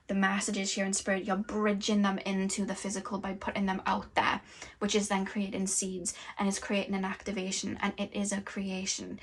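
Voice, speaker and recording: A woman's voice: medium pitch, a bit bright. A woman giving an intuitive tarot reading, talking in a flowing, rambling way with many fillers. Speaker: tarot reader and energy channeler.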